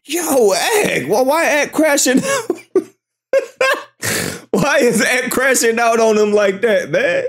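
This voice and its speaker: Gravelly, high-pitched reaction host. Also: male voice, very animated, takes it slowly, a bit bright. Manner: incredulous, laughing, keeps asking why. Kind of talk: casual reaction commentary.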